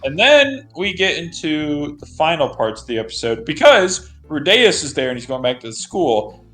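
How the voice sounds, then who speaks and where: A man co-hosting an anime review podcast, chatting casually with animated, joking banter. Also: on the high side, normal speed.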